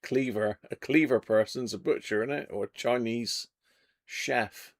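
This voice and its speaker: Bloke on a livestream, bit of fry in his voice, chatty and jokey. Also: medium pitch, measured pace. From Devon, England. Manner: chatty, jokey, reads out viewer comments. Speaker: livestream host. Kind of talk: casual live chat. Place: home radio workshop.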